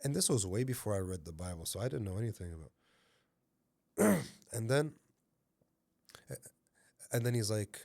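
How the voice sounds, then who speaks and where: An animated male storyteller with a dry sound. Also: fairly low pitch, normal speed, creaky, pauses often, no echo. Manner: animated storyteller, repeats words as he talks. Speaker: podcast guest. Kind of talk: personal testimony in conversation.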